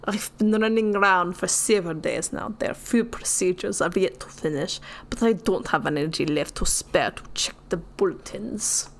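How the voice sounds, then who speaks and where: A woman's voice: on the low side, normal speed, few pauses, lightly acted. A woman voicing a weary male merchant buried in paperwork, reading his lines in a fake Russian accent with formal, polite manners. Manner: put-upon, formal and polite.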